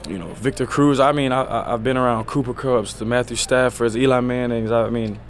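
Athlete at the podium: man, thirties, casual and unhurried delivery, middle-range voice, filler-heavy answers. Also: medium pitch, a little hiss or hum. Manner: relaxed, loose, full of "you know" fillers. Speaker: pro football player at a press conference. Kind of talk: press conference answers. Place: press conference area.

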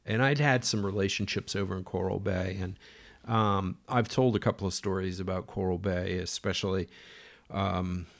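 A man's voice: sits low, steady tone, normal speed. A middle-aged man telling a story in a rambling, conversational way, full of fillers and acted-out quotes. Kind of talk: casual spoken storytelling.

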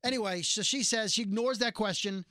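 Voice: mid-range voice, brisk, dry recording, studio quality. A podcast host recapping a TV episode in casual chat, acting out the characters' lines as they go. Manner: animated retelling, acts out quoted lines.

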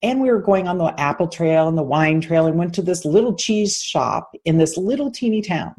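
A woman coach, a guest on an interview show, telling a story in an earnest, animated way. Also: lowish voice, normal speed, breathy edge. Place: Austin.

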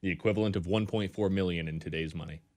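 A man co-hosting a radio show, reading a ranked list in a deadpan, official newsreader manner. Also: low-pitched, quick pace. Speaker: radio co-host. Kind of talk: casual chat, reading a list.

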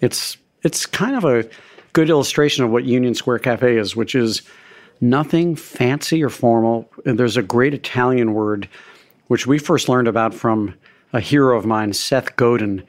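A middle-aged man, a restaurateur guest, telling relaxed, self-deprecating stories in a conversational interview. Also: mid-range voice, normal speed.

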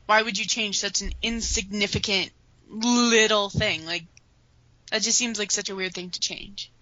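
A woman co-hosting a casual podcast, easygoing and animated when she tells a story. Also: mid-range voice, moderate pace, no echo, dull audio. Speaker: podcast co-host. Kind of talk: casual fan podcast chat.

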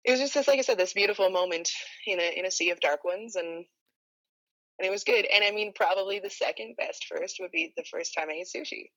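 A woman's voice: mid-range voice, expressive, fast talker, fairly bright tone, poor audio. A woman guest in a casual chat, talking hesitantly with many fillers and frequent laughs. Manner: hesitant, rambling, laughs often.

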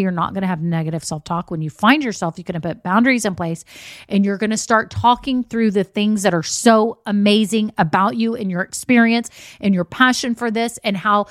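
A woman's voice: mid-range voice, no room sound, clean studio sound. A woman hosting a casual solo podcast as a business coach, chatty and encouraging. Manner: chatty, encouraging, says "y'all" and "okay?" often.

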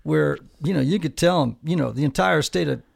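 A man hosting a casual conversation, joking and expressive as he asks questions. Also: on the high side, fairly quick, creaky, no echo, studio quality.

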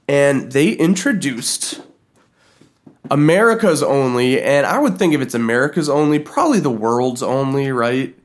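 Giggly animated man telling a story. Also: mid-range voice, normal speed. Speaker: podcast co-host. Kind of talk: casual comedic chat.

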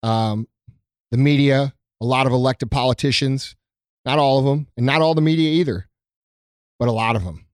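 Indoors at his company premises, a man who owns a small business delivers an unscripted, heartfelt monologue to his followers. His mid-range voice moves at a moderate pace, recorded dry with clean studio sound; he's earnest and emotional, swearing freely and often stumbling over ums and restarts.

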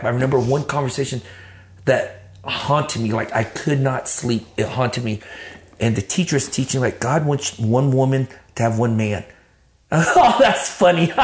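This medium-pitched man from Texas narrates his life story casually and with animation, swearing throughout. He dramatizes what he was thinking at the time.

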